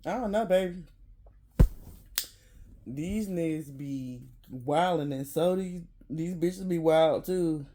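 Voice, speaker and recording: A vlogger in a casual rant to camera, blunt and profane, often laughing, dropping to low mutters then bursting out loud. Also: slow pace, pauses often.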